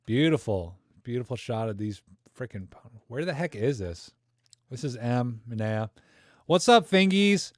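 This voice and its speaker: A man's voice: mid-range voice, normal speed, a little mellow, no echo, clean studio sound. A man hosting a live camera Q&A, chatting in a rambling, enthusiastic, slangy way. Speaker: livestream host. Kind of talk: casual live Q&A chat.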